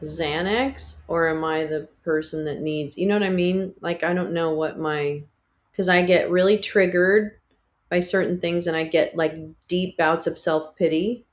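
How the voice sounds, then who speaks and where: A woman's voice: fairly low pitch, fairly even intonation, a little slow. A woman hosting a livestream, talking in a candid, rambling way with swearing and laughs. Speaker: livestream host. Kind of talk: casual livestream chat.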